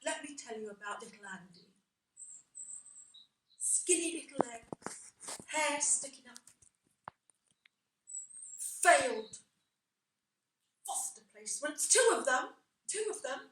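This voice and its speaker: A woman's voice: sits high, expressive, slow pace, pauses often, a bit bright, slight background noise, full character voice. An older woman acting in an amateur stage play, playing a chatty woman who rambles through old memories and laughs at her own asides. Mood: wistful. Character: chatty older woman reminiscing on a park bench. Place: theatre stage. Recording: roomy hall sound from a distant mic.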